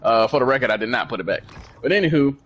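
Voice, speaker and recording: Guy on a podcast, swears a lot, pitch jumps all over acting out what people said. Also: very fast, highs cut off. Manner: animated, swears freely, acts out quoted dialogue. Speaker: podcast co-host. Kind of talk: casual storytelling chat.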